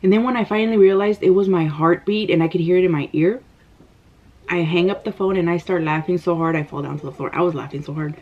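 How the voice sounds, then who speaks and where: Animated woman telling stories. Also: fairly low pitch, quick pace, slight background noise. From United States. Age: 30s. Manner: animated, gasping, breathless retelling. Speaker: mukbang vlogger. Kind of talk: storytelling while eating. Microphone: camera microphone. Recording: slightly dull lo-fi sound.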